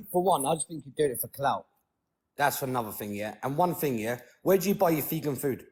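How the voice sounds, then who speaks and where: A man's voice: mid-range voice, animated, brisk, a little mellow. A man in a heated online debate, aggressive and swearing.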